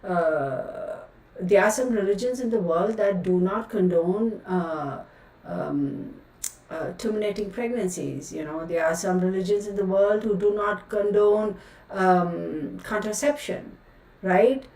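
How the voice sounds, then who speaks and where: A woman at a middling pitch holds forth in a loose, exasperated livestream rant that is full of fillers. She sits some way from the mic, so her voice carries a roomy echo. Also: unhurried, darkish tone. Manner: outspoken, exasperated ranting with many fillers. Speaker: tarot reader hosting a livestream. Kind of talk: casual livestream chat. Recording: roomy sound from a distant mic.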